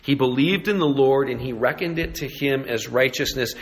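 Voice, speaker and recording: A man's voice: mid-range voice, normal speed. A man preaching a sermon in an earnest way, building intensity on key points and turning to prayer. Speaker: pastor.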